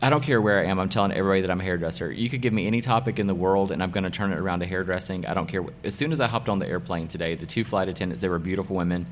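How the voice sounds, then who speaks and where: Racing along with hardly any pauses, a middle-aged man with a very low voice, a hairdresser and salon owner, talks about his work as a guest in a casual interview. He's emphatic and excited, repeating key phrases, over a faint background hum.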